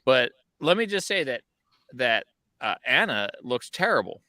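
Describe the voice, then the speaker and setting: Bright, jokey man on a rooftop. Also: mid-range voice, very animated, measured pace, no echo, studio quality. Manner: jokey, self-mocking banter. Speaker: podcast co-host. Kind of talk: casual chat. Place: rooftop deck near the ocean, outdoors.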